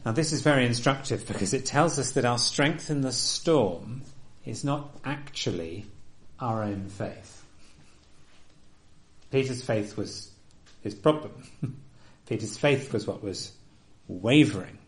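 A man preaching a sermon, earnest and emphatic, often dropping to a soft, quiet delivery. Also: medium pitch, slow pace.

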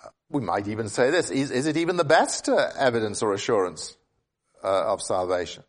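A husky-voiced man speaks fairly quickly and expressively through an earnest expository sermon, repeating words and starting over as he reasons aloud, with sudden rises in pitch to stress his points.

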